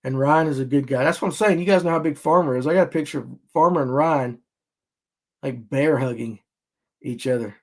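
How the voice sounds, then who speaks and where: Male podcast host, lively yarn-spinner, voice a touch high. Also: a little fast. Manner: animated storyteller who acts out other people's lines. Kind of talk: casual storytelling podcast.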